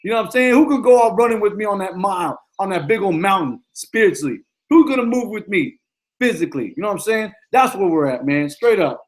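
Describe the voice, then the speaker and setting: High-voiced, emphatic man coaching. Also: animated, fast talker. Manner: emphatic and repetitive, slangy. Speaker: football coach. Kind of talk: motivational talk.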